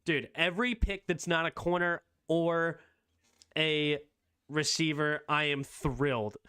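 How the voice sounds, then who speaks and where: A fairly high-voiced man hosts a loose, live sports talk stream. He reacts fast and excitedly, throwing out strong opinions as things happen. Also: clean tone. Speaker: streamer host.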